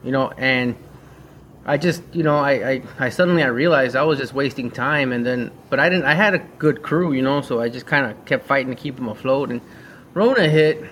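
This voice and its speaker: Speaking fairly quickly in a medium-pitched, somewhat bright voice, a man who once owned a shop and now runs a mobile mechanic business chats casually. There's slight background noise as he bluntly uses slang and plays out exchanges with customers.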